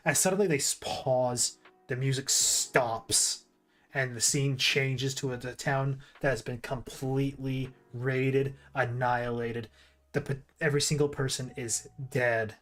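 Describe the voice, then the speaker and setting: A man streaming casual commentary while ranking movies, rambling with restarts and asides. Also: mid-range voice.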